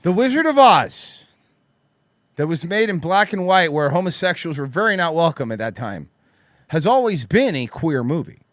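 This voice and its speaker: A man's voice: a little high, big pitch swings, normal speed, fairly bright tone, no room sound, clean studio sound. A man hosting a podcast, ranting and mocking in crude comedic banter. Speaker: podcast host.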